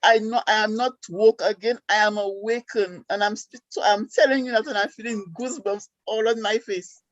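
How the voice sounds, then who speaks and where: A woman from Saint Lucia with a Saint Lucian accent, calling in and telling her story in an excited, chatty way with lots of fillers. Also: medium pitch, moderate pace, no echo, muffled recording. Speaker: caller. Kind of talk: casual call-in chat.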